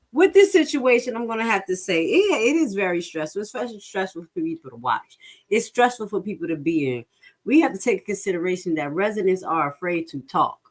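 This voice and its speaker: A woman casually commenting live as she reads through a lawsuit, frank and animated, speaking straight to her viewers and swearing freely. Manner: animated, swings into high-pitched laughing outbursts and back to low reading.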